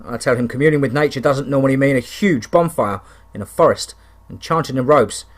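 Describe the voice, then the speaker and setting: A man reading a first-person wilderness horror story in a steady, conversational way with dry touches of humour. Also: mid-range voice, a little fast.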